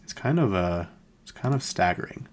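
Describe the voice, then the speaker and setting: A man's voice: sits low, animated, normal speed, noisy background. A man hosting a podcast, chatting casually about celebrity news in a rambling way with lots of fillers. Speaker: podcast host.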